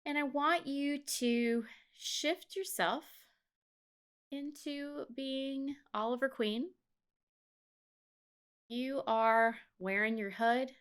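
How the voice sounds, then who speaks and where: Slow, smooth-voiced woman podcaster. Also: high voice, fairly bright tone. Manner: slow, measured, soothing delivery. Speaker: podcast co-host. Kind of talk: casual podcast chat and guided meditation.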